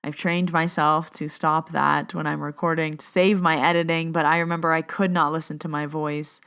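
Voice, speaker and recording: A woman's voice: low-pitched, flat delivery, normal speed, fairly bright tone, clear, resonant tone. A young adult woman hosting her own podcast, chatting openly and reading a guided meditation while fighting back tears. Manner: emotional, on the verge of tears. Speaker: podcast host and Reiki teacher. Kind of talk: casual chat and read guided meditation.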